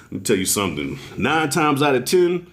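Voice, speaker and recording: A middle-aged man giving a casual video review of a TV show, telling stories in a loose, profane, animated way. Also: mid-range voice, brisk. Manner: animated, profane storytelling with acted-out quotes.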